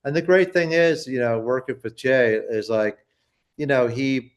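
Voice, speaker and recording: A man's voice: mid-range voice, a little slow. A man, a poster collector, telling a long story in a casual interview, rambling with many restarts and acting out quoted people.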